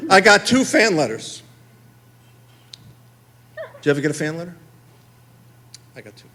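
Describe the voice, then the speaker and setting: High, animated male stand-up storyteller. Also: normal speed, pauses often. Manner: animated, conversational storytelling with asides. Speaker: stand-up comedian. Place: theater stage.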